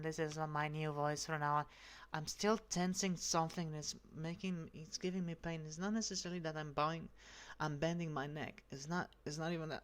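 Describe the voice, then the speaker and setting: A vlogger speaking in a slightly raspy feminine voice with a dry, sore throat, rambling and halting through a casual rant. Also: mid-range voice, a bit bright. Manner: halting, full of restarts and fillers, profane.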